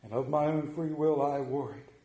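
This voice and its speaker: A man's voice: a little high, normal speed, mellow, muffled recording, pitched below the performer's own voice, natural voice. Tormented chain-rattling ghost guy, a man reading it aloud, big declaiming voice, roomy echo. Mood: grave. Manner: grave, declaiming. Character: tormented male ghost of a dead businessman in chains.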